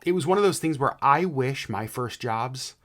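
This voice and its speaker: A man co-hosting a casual podcast, telling stories in a rambling, animated way with many restarts. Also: medium pitch, moderate pace. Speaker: podcast co-host. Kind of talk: casual chat. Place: home podcast setup in Alaska.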